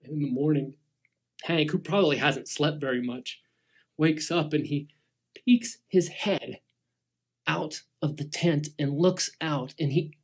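A middle-aged man, a guest teacher, telling a Bible story to children dramatically and dropping to hushed tones for suspense. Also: on the high side, unhurried.

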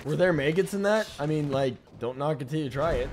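A young man streaming a game, joking and reacting excitedly to the action. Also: on the high side, a little fast, hardly any pauses, soft background music. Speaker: gaming streamer. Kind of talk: let's play commentary.

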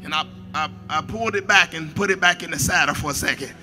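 A man preaching a sermon as a pastor, shouting at the peaks, dropping to quiet asides, and repeating his phrases. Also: on the high side, fast talker, faint music behind.

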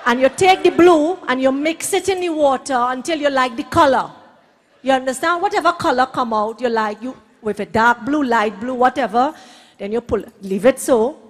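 On a hall stage, a high-voiced Trinidadian comedian tells brash, bawdy stories at a moderate pace during live stand-up, yelling out the punchlines.

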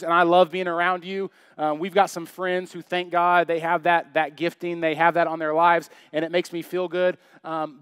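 A man's voice: high-pitched, fairly bright tone, clear, resonant tone, no echo, studio quality. A young adult man preaching a sermon in church, chatty and joking, full of rhetorical questions. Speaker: pastor.

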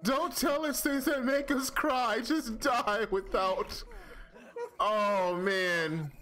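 A man's voice: high voice, drawn-out words, bright, forceful tone. A man streaming a video game live, groaning in exaggerated dismay. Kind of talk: live gameplay commentary. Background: game music.

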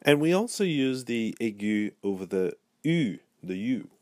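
A man teaching a pronunciation lesson, saying each letter and word slowly and repeating it twice. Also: mid-range voice, very animated, darkish tone, no room sound. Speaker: language teacher.

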